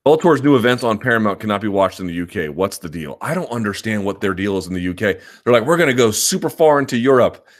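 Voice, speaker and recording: A man's voice: on the low side, fast, hardly any pauses. A man hosting a live chat, answering viewer questions in a rambling, self-assured way, often restarting his sentences. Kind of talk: live chat, casual and opinionated.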